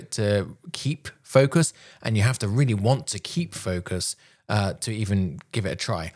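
A man teaching public speaking, shifting his pitch to demonstrate the points he makes. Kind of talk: instructional talk.

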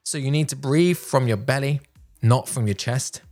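A man coaching public speaking, talking in a projected, deliberate way with pauses, recorded on a microphone while wearing headphones. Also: mid-range voice, darkish tone. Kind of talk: instructional talk to camera. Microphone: headphones and a normal microphone.

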